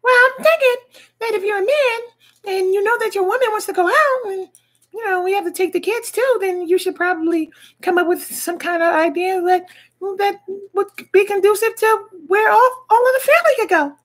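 Restless wife, pleading and whiny, pitched very high. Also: male voice, moderate pace, a bit bright. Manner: whiny, filler-heavy pleading. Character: restless bored wife pestering her husband.

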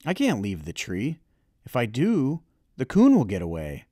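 A man's voice: medium pitch, huge pitch swings, a little slow, warm tone, no room sound, studio quality. A man voicing a tired, earnest young country boy in an audiobook reading, talking in a weary, pleading way.

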